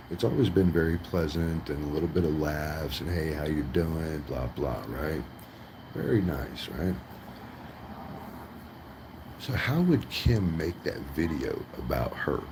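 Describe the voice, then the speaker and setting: A man with an extremely deep voice rants on his vlog, rambling and swearing and tagging his points with right. He is in a vehicle, and steady road noise hums beneath his voice. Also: measured pace. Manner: profane, rambling, keeps asking right. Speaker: vlogger. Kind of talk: ranting vlog.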